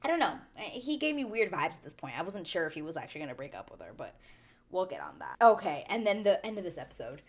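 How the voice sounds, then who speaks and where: A woman hosting a chatty reality show recap, animated and quick to act out the people she talks about. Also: fairly low pitch. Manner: animated, chatty, drops into quoted voices. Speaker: TV recap vlogger.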